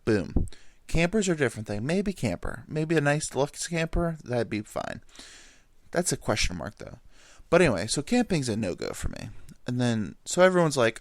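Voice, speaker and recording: Casting note: lively-voiced man in his thirties, rambling crude storyteller, close dry sound. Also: medium pitch, normal speed, no echo. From New York. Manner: rambling, animated, crude humor, jumps into silly voices. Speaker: vlogger. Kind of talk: casual storytelling monologue.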